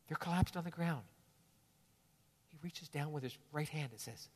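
A man's voice: fairly high pitch, moderate pace, long pauses, big-room sound. A male pastor preaching a sermon in an earnest, conversational way, often restarting phrases.

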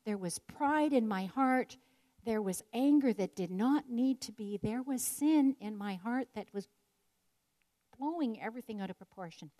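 A woman's voice: a little high, lively intonation, moderate pace, mellow. An older woman telling a personal story in an earnest, reflective devotional talk. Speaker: speaker sharing a personal story.

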